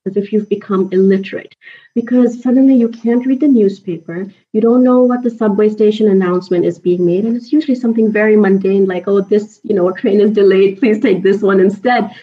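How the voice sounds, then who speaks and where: A woman guest on a podcast, telling lively stories from her home and often laughing as she acts out old conversations. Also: mid-range voice, distant mic, lo-fi sound. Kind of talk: conversational storytelling.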